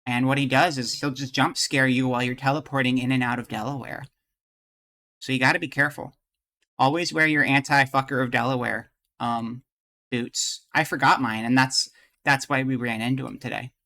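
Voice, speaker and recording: A man live-streaming at a desk mic, rambling and joking as he thinks aloud. His voice is bright and forward, at an ordinary middle pitch. He keeps breaking off to welcome viewers by name. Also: steady tone, a little fast. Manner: greets viewers in chat. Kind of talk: casual live-stream chat.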